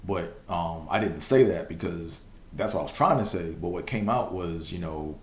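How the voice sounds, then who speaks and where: A young man with a very low voice hosts a casual solo podcast, rambling loosely through a personal story. He leans on fillers and curses, and stumbles into a stutter now and then. The sound carries a roomy echo. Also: normal speed. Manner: stutters at times. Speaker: podcast host.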